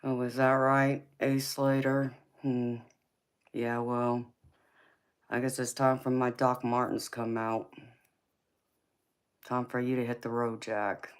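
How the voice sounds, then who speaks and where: A woman's voice: very deep voice, little pitch movement, clean tone. A woman with a Southern accent hosting a live tarot reading stream, chatting casually with viewers and calling them baby. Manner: slow, drawling, calls viewers baby.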